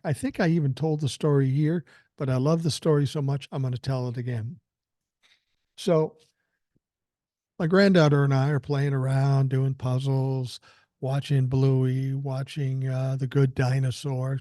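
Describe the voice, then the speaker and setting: A man's voice: a little high, mellow, no echo. An older man hosting a podcast, telling blunt, profane stories in casual chat. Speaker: podcast host. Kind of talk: casual commentary.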